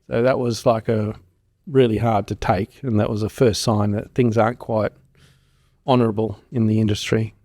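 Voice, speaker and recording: A man's voice: on the low side, moderate pace. A middle-aged man, telling stories in a rambling, casual way as a farm consultant in an interview. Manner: rambling, animated storyteller who acts out quoted voices.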